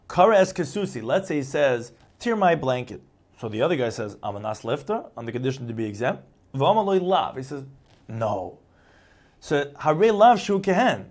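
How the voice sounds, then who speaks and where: A man with a somewhat high voice teaching a Talmud lesson. He works through the text phrase by phrase, glossing each term in English. He acts out the quoted lines by shifting his tone. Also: a little mellow. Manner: explains each phrase in English after reading it; acts out quoted replies with changing tone. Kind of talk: Talmud lecture.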